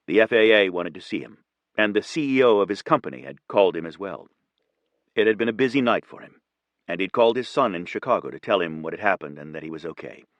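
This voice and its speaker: A man narrating an audiobook in a steady, even reading. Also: deep voice, fast, dry recording, muffled recording. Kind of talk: scripted narration.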